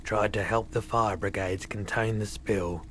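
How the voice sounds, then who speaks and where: A man's voice: fairly low pitch, fairly even intonation, measured pace, crowd noise, close to an everyday voice. An actor playing a weary, bitter male pawnbroker in a video game, telling a grim story in a somber, resigned way.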